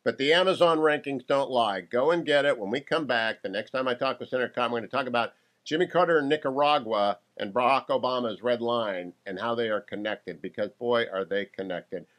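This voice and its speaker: A man hosting a political talk radio show, interviewing a guest in an emphatic, animated way with quick asides. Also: mid-range voice.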